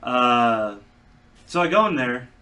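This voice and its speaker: A man's voice: medium pitch, lively intonation, slow, bright, forceful tone, distant mic. A man from South Dakota, a truck driver, telling rambling anecdotes in a casual podcast chat. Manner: rambling anecdotes with fillers and restarts.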